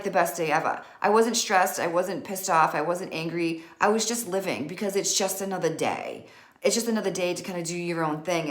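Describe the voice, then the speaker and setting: Low-voiced woman telling a candid story. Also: fairly bright tone, echoey room. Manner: candid, frank and self-mocking, with filler words. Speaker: author and vlogger. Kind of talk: casual storytelling to camera.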